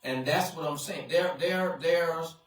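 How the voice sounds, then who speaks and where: A man's voice: on the high side, measured pace. A man serving as pastor who comments earnestly after the testimony, stressing his points and often repeating words as he begins. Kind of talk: sermon-style commentary. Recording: echoey hall, voice from far off.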